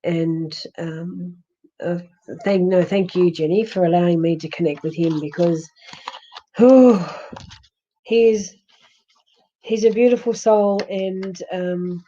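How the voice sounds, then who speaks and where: A woman with an Australian accent, a husky voice and a fading, hoarse throat, gently consoling a viewer in a live-stream psychic reading with many restarts. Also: on the low side, slow pace, long pauses, muffled recording, slight background noise. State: hoarse, losing her voice. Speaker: psychic medium.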